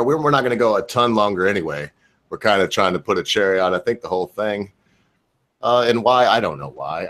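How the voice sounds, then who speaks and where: A man's voice: sits low, fairly bright tone. A man with a Southern American accent hosting a casual livestream, rambling and restarting as he rants heatedly. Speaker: stream host.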